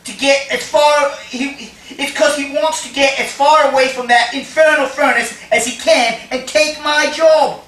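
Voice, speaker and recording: Reader as earnest accused laborer, high voice; echoey, far-mic read. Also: steady tone, a little slow, hardly any pauses, fairly bright tone. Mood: pleading. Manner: earnest, pleading. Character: accused workman pleading innocence. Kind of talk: table-read drama. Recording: echoey room, mic far off, faint noise.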